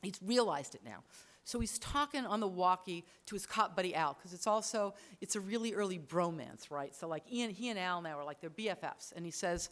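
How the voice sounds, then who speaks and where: A woman lecturing an audience on storytelling, animated, acting out quoted lines and talking in quick bursts. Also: fairly low pitch. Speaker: writing lecturer. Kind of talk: lively talk to an audience. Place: lecture hall.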